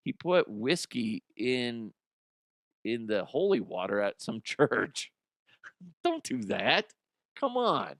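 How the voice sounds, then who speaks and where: A man's voice: medium pitch, very animated, slow pace, creaky, pauses often, fairly bright tone, no room sound. A man hosting a comedic news podcast, ranting about odd stories with profane, laughing commentary into a close microphone. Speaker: podcast host.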